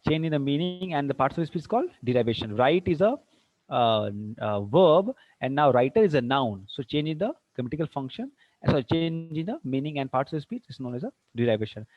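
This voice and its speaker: A man's voice: on the high side, big pitch swings, fairly quick, no echo, faint music behind. A man teaching English grammar to a class, quizzing the students and mixing in Hindi. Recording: dull dry classroom recording.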